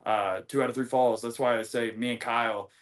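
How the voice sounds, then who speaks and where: A young American man, a professional wrestler, telling stories in a rambling, animated way full of fillers and restarts. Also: mid-range voice, fairly quick. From United States. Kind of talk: casual interview storytelling.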